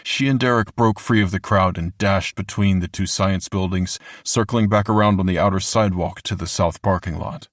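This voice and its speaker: A man reading a horror audiobook in a measured, deliberate way, slowing down for the grim moments. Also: deep voice, fairly even intonation, dry recording, clean studio sound. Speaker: audiobook narrator. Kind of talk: scripted horror narration.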